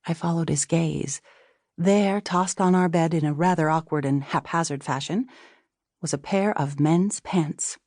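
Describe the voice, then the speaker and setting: A woman narrating a novel in the first person, with a measured storytelling manner. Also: deep voice, a little mellow, no room sound, clean studio sound. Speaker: audiobook narrator.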